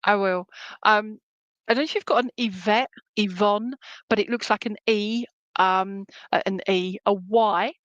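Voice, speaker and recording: A woman's voice: medium pitch, steady tone, unhurried, fairly bright tone, no room sound, highs cut off. A woman giving a clairvoyant reading at an online church service, chatty and reassuring, with many fillers and restarts. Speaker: medium at a spiritualist church.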